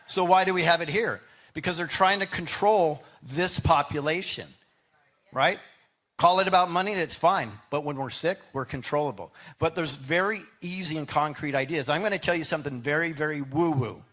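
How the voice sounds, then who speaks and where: A man's voice: a little high, normal speed, fairly bright tone. A man speaking as a political candidate in a debate, earnest and repeating himself while often asking the audience if they agree. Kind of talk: campaign debate answer.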